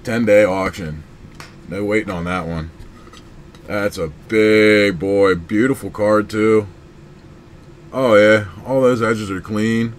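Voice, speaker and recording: A man's voice: fairly low pitch, slow, long pauses, slight background noise. A man hosting a casual card-opening video, chatting in a rambling way to his viewers. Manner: excitable, shouts and whoops over big pulls. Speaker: card breaking channel host.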